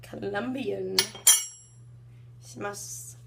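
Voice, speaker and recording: Over very noisy audio, a woman in her twenties speaks extremely slowly in a mid-range voice with vocal fry. She's a fitness vlogger doing a rambling, filler-heavy morning chat at home, her voice still groggy.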